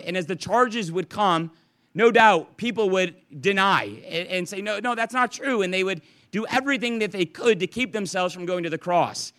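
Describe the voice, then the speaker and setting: A man, a pastor, preaching a verse-by-verse evening sermon in an earnest, conversational way. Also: high voice. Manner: conversational, earnest, animated with restarts.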